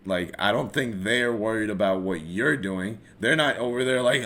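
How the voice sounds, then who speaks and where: A man's voice: on the low side, moderate pace. A man hosting a solo live-streamed podcast, ranting casually with lots of swearing, restarts and rambling asides. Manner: rambling, animated, swears freely, many restarts. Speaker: podcast host.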